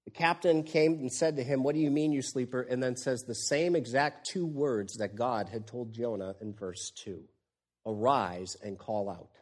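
A man preaching an expository sermon, moving between hushed lines and loud, exclaiming ones. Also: medium pitch, moderate pace. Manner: animated, swings from hushed to exclaiming.

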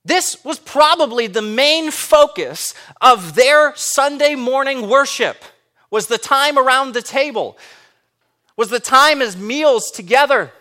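A man's voice: very high voice, animated, slow, sharp tone. A man preaching a sermon as pastor, emphatic and full of rhetorical questions.

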